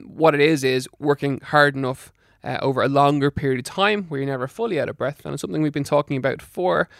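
Middle-aged guy, fitness coach on a podcast, gravelly voice, dry close sound, pushy and practical. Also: medium pitch, dry recording. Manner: emphatic, repeats words for stress. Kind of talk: advice talk to listeners.

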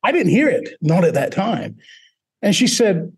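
Gravelly and husky, this middle-aged man's fairly high voice moves in a sing-song at a moderate pace. Originally from Mississippi in the US South, he has a British-sounding accent from foreign accent syndrome and acts out quoted voices while telling his story as an interview guest.

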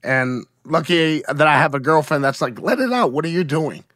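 Frank, emotional man with a higher voice. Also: steady tone, moderate pace, a bit bright, no echo, studio quality. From United States. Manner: emotional and frank, with many "you know what I mean"s. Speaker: guest. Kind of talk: candid conversational interview.

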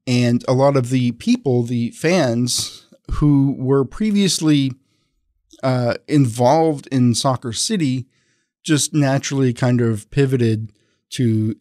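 A man's voice: mid-range voice, slow pace, a little mellow, no echo, studio quality. A man, a reporter and podcast host, talking as a guest in casual chat, with many restarts and fillers.

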